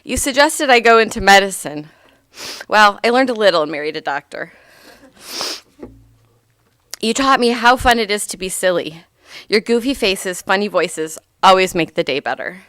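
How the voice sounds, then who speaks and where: A woman's voice: mid-range voice, lively intonation, normal speed, long pauses, clear, resonant tone, no room sound. Woman reading a heartfelt eulogy. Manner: heartfelt, gently humorous reading. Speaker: granddaughter giving a eulogy.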